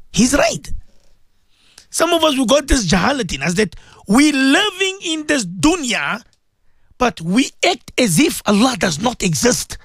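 Impassioned high-pitched man preaching on radio. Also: gravelly, fairly bright tone, breathy edge, no room sound, clean studio sound. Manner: impassioned, repetitive, rising to emphatic peaks. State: sore throat, clearing it often. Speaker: Islamic radio host, maulana.

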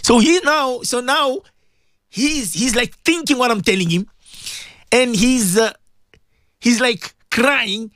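A man's voice: very high-pitched, slow pace, pauses often, a bit bright, no room sound, clean studio sound. A man hosting a radio talk show as a Muslim cleric, telling a story with emotion and religious phrases.

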